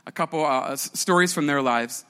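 Man, pastor, high-pitched voice, bright tone, lively conversational sermon, church setting. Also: brisk, clear, resonant tone, big-room sound. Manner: animated, conversational preaching with asides.

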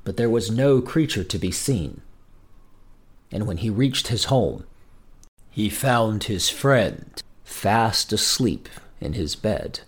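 Expressive male storybook narrator. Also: fairly low pitch, breathy edge. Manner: expressive, measured reading.

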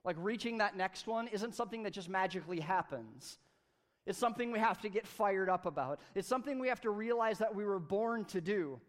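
A man preaching a sermon at a church service, energetic and conversational, with playful asides. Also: high-pitched, brisk. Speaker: pastor.

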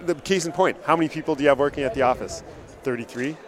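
A man's voice: on the high side, very fast. A male dentist hosting a podcast, talking earnestly and emotionally, often repeating words as he speaks. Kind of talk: emotional casual conversation. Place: conference booth. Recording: busy conference hall crowd. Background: crowd chatter.

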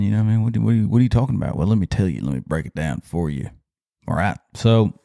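A man's voice: deep voice, mellow, dry recording, studio quality. A man hosting his own podcast, rambling in a casual, folksy way and often checking in with the listener. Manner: rambling, folksy, keeps saying "you know what I mean". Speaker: podcast host. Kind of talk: casual solo podcast monologue.

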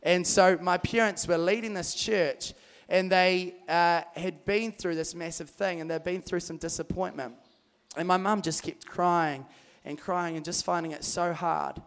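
Lively, high-voiced young man preaching. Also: measured pace, smooth. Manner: energetic, acts out voices in his stories. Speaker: youth camp speaker. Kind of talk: animated sermon storytelling.

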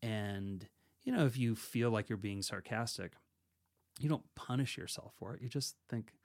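A man's voice: lowish voice, moderate pace. A man co-hosting a podcast and teaching meditation in casual chat, rambling and self-correcting, laughing easily.

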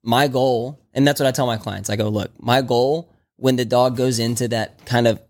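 A man's voice: medium pitch, steady tone, normal speed. A man chatting casually as a dog trainer on a podcast, loose and rambling with many restarts. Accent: Texan.

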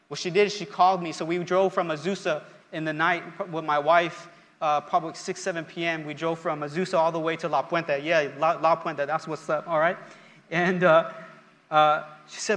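A man's voice: a little high, flat delivery, moderate pace, fairly bright tone. A male pastor preaching an impassioned sermon at a live-streamed church service, building up with repeated phrases. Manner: impassioned, repetitive preaching with rising emphasis. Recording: long hall reverb with faint music.

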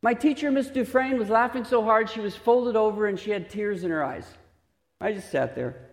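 A man preaching a sermon, originally from Texas, asking the listeners questions and slowing down to stress his points. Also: high-pitched. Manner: questioning, emphatic, slows for stress. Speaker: pastor. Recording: reverberant hall.

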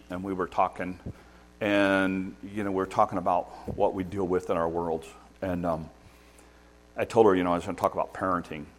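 A man preaching a sermon as pastor, emphatic and repeating key points for stress. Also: low voice.

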